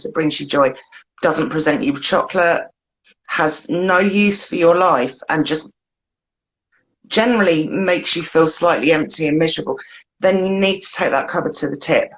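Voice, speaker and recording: Low-voiced British woman guest, chatty. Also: rough recording. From United Kingdom. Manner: chatty, laughs easily, storytelling. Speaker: guest blogger. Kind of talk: casual chat.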